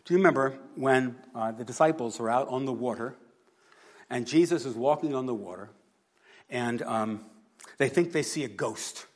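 A man preaching a sermon, earnest, moving between hushed and emphatic delivery. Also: medium pitch, normal speed. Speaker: pastor.

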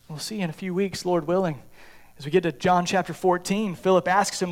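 Male pastor, high voice, earnest pleading sermon delivery in church. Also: normal speed. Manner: earnest, pleading with repeated questions.

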